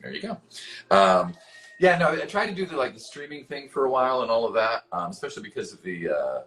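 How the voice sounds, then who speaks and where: A man's voice: mid-range voice, sing-song, quick pace, a bit bright, low-quality recording. A man who is a voice actor answering fan questions in a casual live-stream Q&A from home, rambling with lots of fillers and casual swearing.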